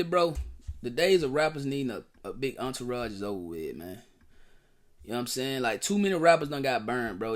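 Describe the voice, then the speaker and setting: A man hosting a reaction vlog, talking in animated, slang-heavy casual commentary straight to his viewers. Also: medium pitch. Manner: animated, repetitive, addresses viewers directly. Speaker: reaction channel host.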